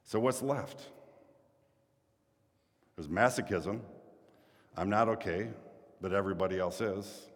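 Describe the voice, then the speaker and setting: Low-voiced preacher in an echoing hall. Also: male voice, takes it slowly, long pauses. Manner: storytelling, rising into animated quoted voices then dropping low and quiet. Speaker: pastor. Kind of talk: sermon.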